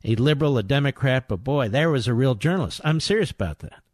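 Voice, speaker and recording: A man hosting a talk radio show, playing clips and commenting on them in an indignant, combative manner with loud rhetorical questions. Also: medium pitch, animated, quick pace, no room sound, clean studio sound.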